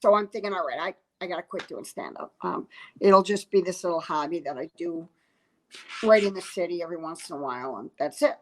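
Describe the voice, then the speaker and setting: Comedian lady telling a story, animated, acts out everybody's lines. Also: fairly low pitch, fairly quick, slight background noise, rough recording. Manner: animated storyteller, acts out quotes, laughs often. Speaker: comedian guest. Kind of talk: storytelling chat.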